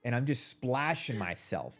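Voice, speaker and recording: A man chatting casually on a stream, his pitch swinging around a lot as he tells the story. His voice sits at a middle pitch and he laughs through his lines. There's faint music in the background. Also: unhurried. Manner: animated, laughing through stories.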